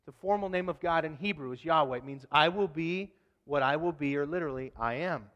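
A man preaching a sermon in a casual, humorous, conversational way, with animated asides. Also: fairly high pitch, quick pace. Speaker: pastor. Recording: long hall reverb.

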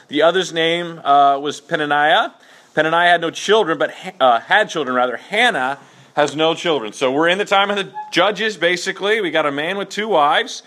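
A man leads a Bible lesson for a class in a bright, forceful voice. He talks casually and keeps checking in with his listeners, with plenty of fillers. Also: fairly high pitch. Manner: conversational, many fillers and check-in okays. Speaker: Bible teacher.

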